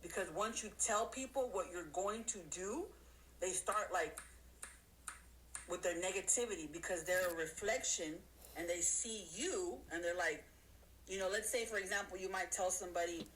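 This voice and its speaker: Animated woman giving a motivational talk. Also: normal speed, slight background noise, rough recording. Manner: animated, acts out voices in high squeals. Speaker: motivational speaker.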